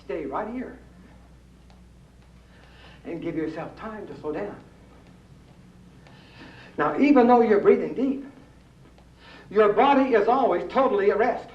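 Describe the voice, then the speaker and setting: A high-voiced man leads a live exercise demonstration, coaxing his audience along and quizzing them. He sounds far from the mic in an echoey room, on a dull, muffled old recording with faint noise underneath. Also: lively intonation, unhurried, pauses often. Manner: folksy, coaxing, asks the audience true or false. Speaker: rebounding exercise instructor.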